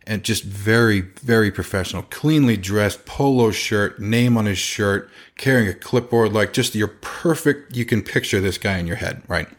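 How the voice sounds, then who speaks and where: A man who runs a chimney company telling a casual story, loose and rambling, with many fillers and restarts. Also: lowish voice. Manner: lively, acts out other people's lines in changed voices.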